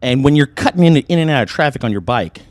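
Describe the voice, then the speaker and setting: Male podcast co-host, mid pitch, profane and animated storyteller. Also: fast talker, no echo. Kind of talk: casual chat over drinks.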